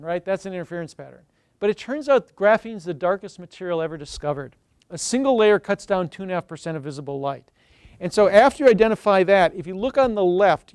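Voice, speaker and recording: Enthusiastic high-voiced male science lecturer. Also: a little mellow, clean tone, no room sound. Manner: enthusiastic, storytelling, addresses the audience directly. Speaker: chemistry professor giving a seminar. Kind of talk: university lecture. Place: lecture room.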